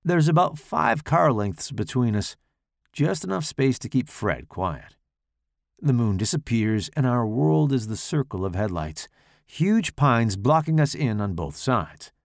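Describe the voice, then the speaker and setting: A man reading his own first-person horror story aloud in a slow, dramatic, expressive way. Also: mid-range voice, vocal fry, no echo, clean studio sound.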